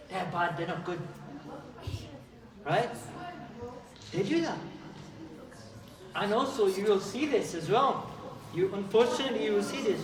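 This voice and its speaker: A man giving a lively talk to a youth group, questioning and calling out to his listeners. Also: sits high. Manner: animated, questions and calls out to listeners. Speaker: youth teacher. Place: community hall with young audience. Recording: roomy hall, distant mic, crowd behind.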